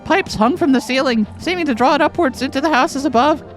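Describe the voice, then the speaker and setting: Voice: high voice, a little fast, soft background music, rough recording. A game player commenting and reading game text aloud in a playful, joking way. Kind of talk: let's play commentary and reading.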